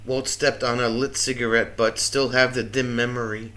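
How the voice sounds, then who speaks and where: A man's voice: mid-range voice, normal speed. A man co-hosting a casual livestream, cheerfully reading viewer comments and chatting. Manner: animated, cheerful, reads viewer comments aloud. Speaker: livestream co-host reading chat. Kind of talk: casual chat.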